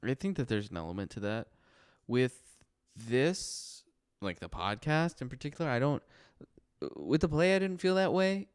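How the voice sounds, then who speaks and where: Relaxed young man joking on a podcast. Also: mid-range voice, moderate pace, clean tone. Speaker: podcast co-host. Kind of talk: casual chat.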